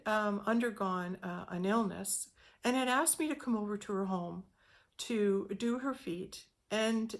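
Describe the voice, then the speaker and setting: A middle-aged woman telling a personal spiritual story in an earnest, halting way, often repeating words as she goes. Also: mid-range voice. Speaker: spiritual teacher sharing a testimony.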